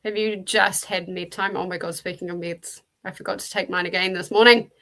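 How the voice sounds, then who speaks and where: A woman with a New Zealand accent hosts a relaxed livestream, her voice carrying a gravelly, fry-touched edge. She chats loosely and greets viewers one by one as she reads and answers their messages. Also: fairly low pitch, brisk. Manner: chatty, greets viewers by name and answers chat. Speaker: livestream host. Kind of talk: casual livestream chat.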